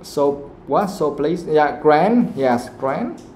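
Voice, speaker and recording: Male English teacher, mellow. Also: on the high side, animated, takes it slowly, echoey room, slight background noise. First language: Vietnamese. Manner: explanatory, keeps checking with "okay?". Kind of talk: live classroom lesson. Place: classroom.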